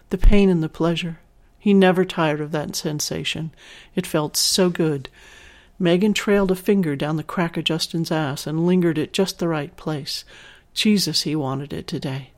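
A narrator reading an adult story aloud in a steady, measured way. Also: medium pitch.

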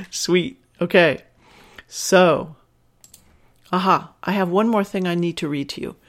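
A woman hosting her own podcast, talking to listeners in an enthusiastic, frank way and laughing easily. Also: on the low side. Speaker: podcast host. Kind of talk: casual solo podcast talk.

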